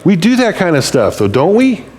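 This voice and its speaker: A man's voice: sits high, wildly swooping pitch, normal speed, darkish tone, slight background noise. A male pastor giving a conversational, humorous sermon and acting out little quotes.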